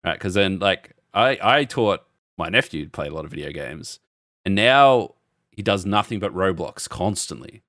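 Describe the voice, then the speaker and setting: Animated, low-voiced man. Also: moderate pace, no echo, clean studio sound. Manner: animated storyteller, acts out quotes, swears a lot. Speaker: podcast co-host. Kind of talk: casual chat.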